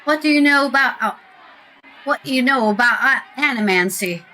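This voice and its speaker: Woman doing a halting British-accented adventurer. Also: high-pitched, sharp tone, a faint crowd, pitched above the performer's own voice, rough recording. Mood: curious. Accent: shaky British attempt. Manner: halting, restarting lines.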